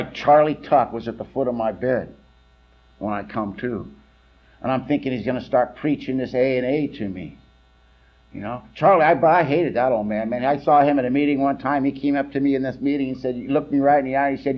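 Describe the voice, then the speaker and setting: A man gives a blunt, plain-spoken recovery testimony at a meeting. His voice sits at a middle pitch and keeps dropping low and quiet, then rising loud and lively. The recording is dull and lo-fi. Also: moderate pace. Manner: blunt, storytelling, swings between quiet and loud. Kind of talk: personal testimony talk.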